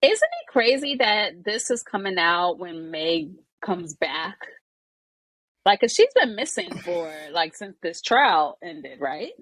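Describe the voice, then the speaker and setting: A woman from the Bronx with a New York accent chats on her podcast, playful and slangy. Her pitch swings widely from line to line. The sound is dry and close, with little room around it. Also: very animated, slow, fairly bright tone, dry recording. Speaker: podcast co-host. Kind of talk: casual chat.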